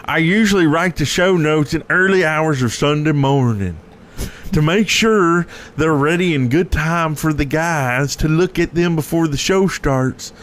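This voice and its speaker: A man's voice: on the high side, unhurried, a bit bright. A man doing a campy, flirty voice as he reads out show notes in a comic podcast bit. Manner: teasing, theatrical, slightly raised voice.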